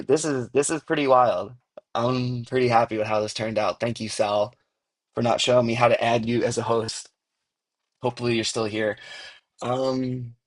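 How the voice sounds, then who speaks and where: A man chatting on a casual livestream, loose and slangy, tossing in "bro" and "like" constantly. His voice is mid-pitched and comes through earbuds. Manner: slangy, rambling, says bro a lot. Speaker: livestream host. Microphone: earbuds mic.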